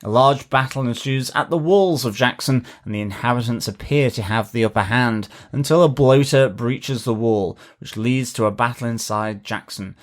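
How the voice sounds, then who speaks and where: A man co-hosting a podcast, reading a plot recap steadily and then chatting loosely with many fillers. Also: medium pitch. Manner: reads plot recap in a measured way, then chats with frequent fillers and restarts. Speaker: podcast co-host. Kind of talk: casual podcast review chat.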